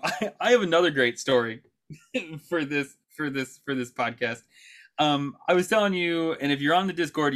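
A man's voice: mid-range voice, fairly bright tone. A man in his thirties co-hosting a podcast, telling a story casually with many fillers, restarts and laughs. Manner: chatty, laughs often, lots of fillers and restarts. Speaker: podcast co-host.

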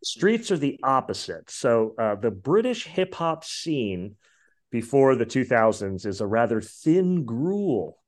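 A man's voice: medium pitch, big pitch swings, slow. Chatty man talking music. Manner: rambling, many fillers and asides. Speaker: podcast host. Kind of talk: casual music chat.

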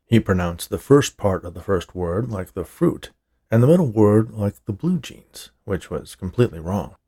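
A man reading a story aloud in a dry, measured narrating manner. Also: lowish voice, expressive, dark tone, slightly rough. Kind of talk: scripted narration.

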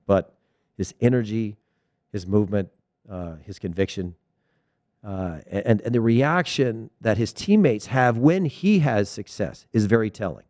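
A man, a former player, giving a casual opinion monologue about soccer, animated, often repeating words and telling stories. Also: fairly low pitch, a little slow, dry recording, clean studio sound. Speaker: soccer commentator.

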